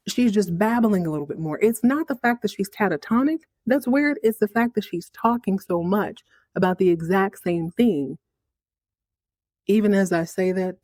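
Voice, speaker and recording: A woman hosting a podcast, recapping a TV episode in a sassy, animated, riffing way. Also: medium pitch, dry recording, clean studio sound. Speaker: podcast host.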